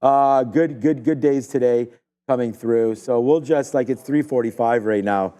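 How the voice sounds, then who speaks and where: A man hosting a live trading stream, giving rambling, excitable market commentary full of fillers. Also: medium pitch, a little slow.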